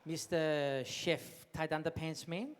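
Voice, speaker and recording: A man's voice: a little high, fairly even intonation, unhurried, clean tone, close to an everyday voice. A man playing a bossy Italian waiter. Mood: teasing. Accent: put-on Italian. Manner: bossy, teasing, sprinkled with Italian words. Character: bossy, excitable Italian waiter named Alfredo. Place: large banquet hall. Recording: reverberant hall, faint noise.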